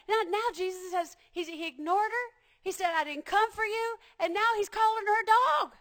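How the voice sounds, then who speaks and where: Woman preacher, high voice, repeats herself, rises to shouting. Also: normal speed. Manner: passionate, builds to shouting, repeats phrases. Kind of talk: sermon.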